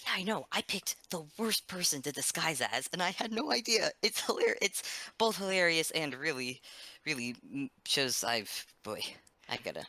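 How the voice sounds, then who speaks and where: A man's voice: a little high, big pitch swings, normal speed, sharp tone, no room sound. A man voicing his character in a tabletop role-play, rambling and earnest with frequent restarts. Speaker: player.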